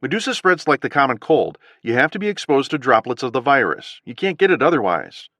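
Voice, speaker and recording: A man's voice: mid-range voice, big pitch swings, brisk, fairly bright tone, no room sound, pitched above the performer's own voice. A man voicing a tense male doctor who talks earnestly to armed bandits. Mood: urgent. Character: tense male doctor bluffing under threat.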